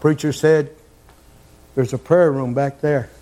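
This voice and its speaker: Fervent man preaching, pitch soaring. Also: fairly even intonation, unhurried. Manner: fervent, rising to near-shouts, repeats phrases. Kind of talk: sermon.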